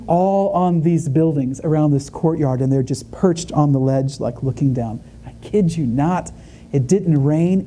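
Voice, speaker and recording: A man speaking at a conference, telling a humorous story in a chatty, animated way with many asides. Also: fairly high pitch, a little hiss or hum. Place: conference stage before an audience.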